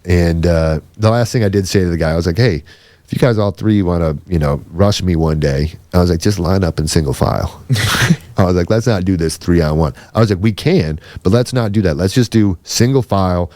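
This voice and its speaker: Low-voiced swearing podcast man. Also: fairly quick, darkish tone, no echo. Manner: swearing, rambling, acts out quoted voices. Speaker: podcast host. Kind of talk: casual storytelling chat.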